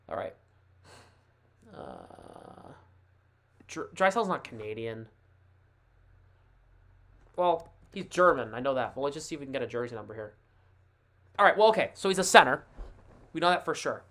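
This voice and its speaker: A man hosting a casual live sports stream, thinking aloud in a chatty, excitable way. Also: high voice. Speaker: livestream host.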